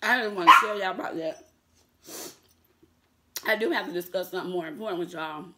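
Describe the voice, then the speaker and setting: The audio is very noisy, and the woman's fairly low voice moves fairly quickly. In casual vlog talk she calls her viewers y'all, laughs a lot and answers critics with defiant sass.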